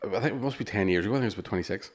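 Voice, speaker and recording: A man co-hosting a podcast, bantering in quick, teasing, sweary casual chat. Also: on the low side. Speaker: podcast co-host.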